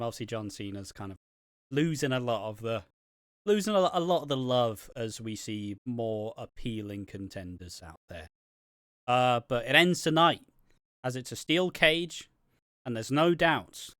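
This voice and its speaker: A man's voice: mid-range voice, fairly bright tone, dry recording, clean studio sound. A man co-hosting a wrestling review podcast, chatting casually with sarcastic, sweary asides and frequent laughs. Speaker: podcast co-host.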